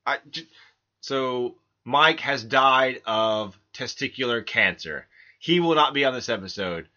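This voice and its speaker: A man's voice: medium pitch, lively intonation, measured pace, bright, forceful tone, dull audio. A man hosting a casual podcast, joking around and often stumbling and restarting his sentences. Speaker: podcast host.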